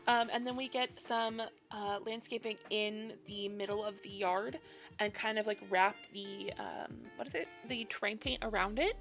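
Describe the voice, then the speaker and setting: A woman's voice: mid-range voice, moderate pace, fairly bright tone, faint music behind. A woman casually narrating a game build in a chatty, self-deprecating voice-over, sleepy and yawning, laughing often.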